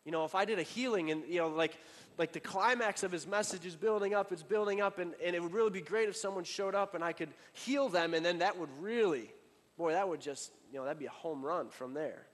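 A man preaching a sermon in a casual, conversational way, full of fillers and restarts, building up and then dropping to a quiet emphasis. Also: sits high, fairly quick, long reverb tail. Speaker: pastor.

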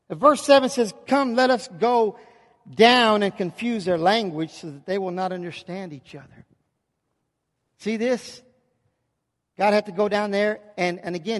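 A man's voice: sits high, a bit bright, big-room sound. A pastor preaching an emphatic sermon in a church, often checking in with his congregation.

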